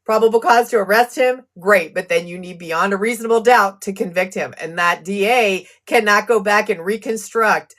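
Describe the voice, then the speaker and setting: Worked-up woman streamer ranting about a court case, reading chat out loud, wound up. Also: mid-range voice, normal speed, few pauses. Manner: fired-up, venting and reading chat aloud. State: agitated, blood pressure up. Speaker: true crime live streamer. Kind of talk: casual live-stream commentary.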